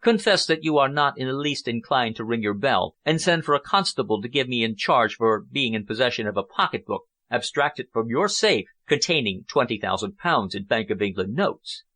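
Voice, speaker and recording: A man's voice: mid-range voice, animated, normal speed, few pauses, sharp tone. A man reading an audiobook, voicing a menacing male burglar who has a slight foreign accent and a cold, threatening manner.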